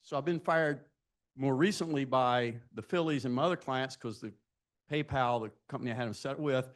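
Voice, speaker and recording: A man's voice: medium pitch, normal speed. Man in his sixties telling career stories. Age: 60s. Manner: anecdotal, self-deprecating storytelling; asks the audience direct questions. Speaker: panelist speaking to students. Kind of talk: speaking at a live event.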